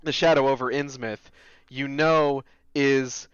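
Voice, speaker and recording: A man with a Boston accent chats as a podcast guest, easygoing and prone to long tangents. His voice is smooth and resonant at a middle pitch. The call audio is dry and a little dull, with no room around it. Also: steady tone, slow, dry recording. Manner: laid-back, tangent-prone storytelling. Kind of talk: casual chat.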